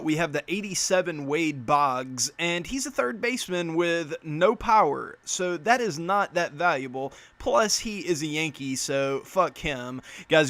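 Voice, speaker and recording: A young man with a sharp, bright voice pitched a little high, talking through game card reviews in a loose, swearing, blunt way. The sound is close and dry, with no room around it. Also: dry recording. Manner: profane, blunt, quick to rant. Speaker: gaming YouTuber reviewing player cards. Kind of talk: casual commentary.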